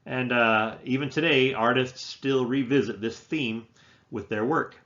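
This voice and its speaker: A man delivers a history lecture in an unscripted way, stumbling through restarts and "uh" fillers as he explains. His voice sits at an ordinary middle pitch. The recording is a little dull and lo-fi. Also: measured pace, a bit bright. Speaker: history teacher.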